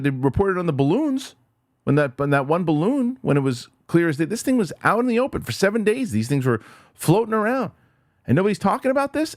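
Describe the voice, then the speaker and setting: A man's voice: on the high side, no echo, clean studio sound. A man hosting a news commentary show, ranting angrily and firing off questions. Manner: angry, exasperated rant with rapid-fire questions. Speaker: host.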